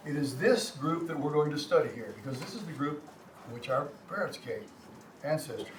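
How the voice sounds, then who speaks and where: An older man with a Texan accent teaches a community language class. He lectures from slides in a halting, folksy way, often repeating words and joking with the class. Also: a little high, expressive. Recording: roomy, distant mic, faint hum.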